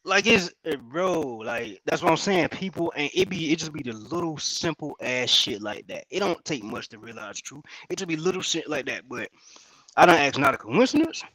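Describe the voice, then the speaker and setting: A man with a South Carolina accent in casual podcast chat, animated, swearing freely and often restarting his sentences. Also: fairly high pitch, normal speed, dry recording, poor audio.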